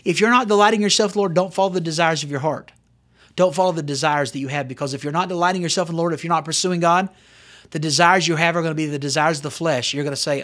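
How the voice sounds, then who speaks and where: A man's voice: on the high side, fast talker, a bit bright. A middle-aged male pastor giving an earnest, conversational sermon that climbs into emphatic bursts. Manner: earnest, conversational preaching with sudden emphatic rises.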